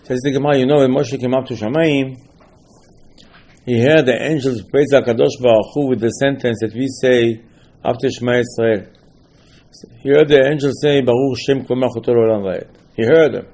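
This man, a rabbi leading a Torah class, has a medium-pitched, somewhat mellow voice and a moderate pace. His lesson is casual but forceful, with repeated key phrases, rhetorical questions, and English grammar that's a bit broken.

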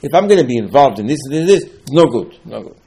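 A man's voice: medium pitch, very animated, quick pace, creaky, mellow. A man acting out a reluctant humble prophet. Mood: refusing. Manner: insistent, pleading.

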